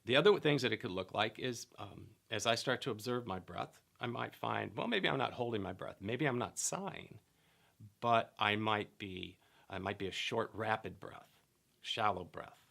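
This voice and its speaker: Calm gravelly-voiced man teaching. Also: lowish voice, moderate pace. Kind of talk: explanatory teaching talk.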